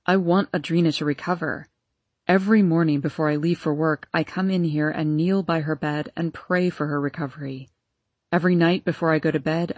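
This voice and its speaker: A woman reading an audiobook, voicing an anguished, devoted husband who pleads with a grief-choked, breathy, lowered voice. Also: a little mellow, no room sound. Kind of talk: audiobook character voice.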